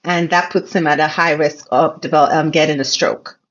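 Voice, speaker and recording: A woman's voice: low-pitched, steady tone, a little fast, dull audio. A woman physician, a podcast guest, explaining cases in earnest, casual conversation.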